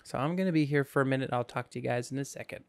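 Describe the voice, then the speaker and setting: A man's voice: mid-range voice, very fast, no room sound. A man hosting a casual let's-play, talking through his game in a goofy, rambling way with jokes to himself, sleepy and yawning. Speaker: gaming channel host.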